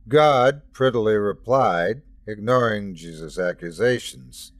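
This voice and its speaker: A man's voice: fairly low pitch, unhurried, hardly any pauses, no room sound. A man narrating a first-person horror story as host of the show.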